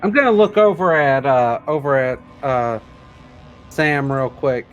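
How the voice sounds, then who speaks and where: A man's voice: medium pitch, a little slow, clear, resonant tone, highs cut off, soft background music. A man playing a tabletop role-playing game, hesitant with many fillers, often talking in a polite customer-service manner. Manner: hesitant, full of fillers, slipping into a polite hotel-staff voice. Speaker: player.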